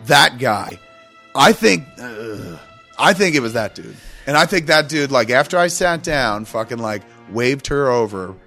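A man telling a story in a casual podcast chat, animated and full of swearing. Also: mid-range voice, unhurried, faint music behind. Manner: animated, profane, emphatic storytelling.

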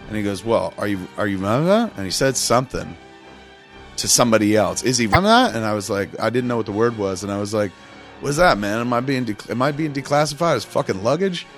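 A man's voice: on the low side, animated, fast, fairly bright tone, faint music behind. A man casually telling a long, rambling, profane story on a podcast, acting out what everyone said. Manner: profane, rambling, acts out quotes.

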